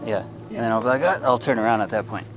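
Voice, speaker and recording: A man's voice: fairly low pitch, fairly even intonation, very fast, over music. A man chatting casually in a travel vlog, rambling and laughing often. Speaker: travel vlogger.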